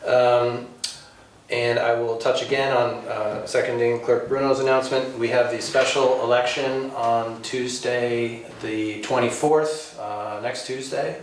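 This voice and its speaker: A man makes announcements at a local board meeting, pausing often and filling the gaps with ums and uhs. His voice sits at an ordinary pitch. He is picked up from a distance in a very echoey room with a faint hum of ambience. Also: fairly even intonation. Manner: halting, many ums and uhs. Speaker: village board official. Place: village hall meeting room.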